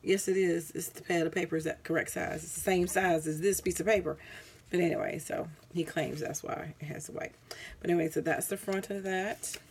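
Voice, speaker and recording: This craft vlogger has a husky, lowish voice, steady in tone and brisk. At home in front of a camera mic, she casually rambles through her crafts, worn out, with frequent ums and self-corrections.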